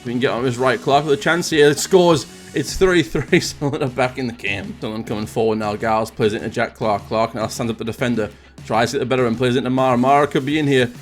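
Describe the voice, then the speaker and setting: Quick-talking guy calling football game highlights, mid pitch, excitable. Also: faint music behind. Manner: excitable, rising sharply on goals. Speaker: gaming commentator. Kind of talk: mock football commentary over game highlights.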